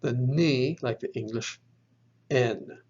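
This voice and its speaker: A man teaching biblical Greek in a slow, methodical lesson, spelling out letters one by one and correcting his own slips. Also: mid-range voice, darkish tone, slightly rough. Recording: dull lo-fi recording.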